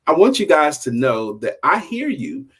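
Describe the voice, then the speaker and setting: An older man hosting a storytelling show, telling a story in a relaxed, conversational, repetitive way. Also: on the high side, normal speed, breathy edge. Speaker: storyteller host. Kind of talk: casual spoken storytelling.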